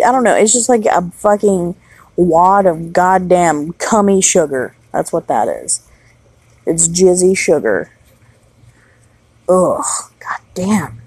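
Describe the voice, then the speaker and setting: A woman's voice: on the low side, darkish tone, husky, no room sound, low-quality recording. A woman in her thirties, a mother, talking outdoors at night in a blunt, heavily profane, rambling solo vlog monologue. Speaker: mother of young children.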